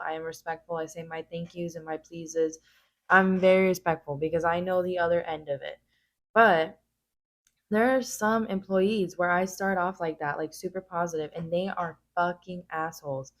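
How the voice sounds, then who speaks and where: A woman hosting a reaction video, giving blunt, casual commentary full of swearing. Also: fairly low pitch.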